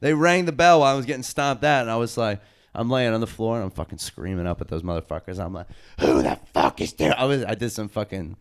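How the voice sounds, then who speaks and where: A young man, a podcast co-host and wrestler, telling stories in loose, excited, profane casual chat. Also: mid-range voice, fast, clear, resonant tone. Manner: loose, excited storytelling full of slang and swearing.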